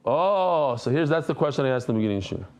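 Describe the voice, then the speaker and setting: A middle-aged man, a rabbi, teaching a daily Talmud class in an animated, conversational way, mixing Hebrew and Aramaic terms into his English. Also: mid-range voice, quick pace, smooth. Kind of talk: lively Talmud lesson.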